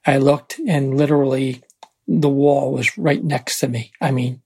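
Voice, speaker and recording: An older man with a very husky voice, telling a personal story in a rambling, halting way with many fillers and restarts. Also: medium pitch, little pitch movement. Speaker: interviewee.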